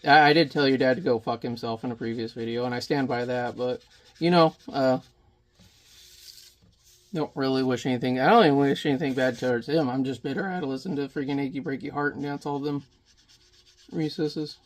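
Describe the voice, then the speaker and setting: A man's voice: medium pitch, steady tone, fairly quick. A man in his thirties rambling and joking with mild swearing as he chats casually while painting at home. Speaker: painting vlogger.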